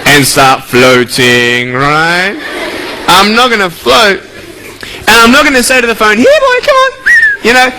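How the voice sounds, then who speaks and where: Motivational speaker, male, high-pitched, upbeat, talks to children and keeps asking them questions. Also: slight background noise, rough recording. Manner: playful, energetic, quizzes the crowd. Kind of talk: speech to a school audience.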